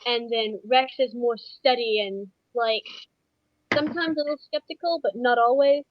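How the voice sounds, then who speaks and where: A woman's voice: a little high, moderate pace, dull audio, slight background noise. A woman in a casual podcast chat, eagerly explaining things in detail.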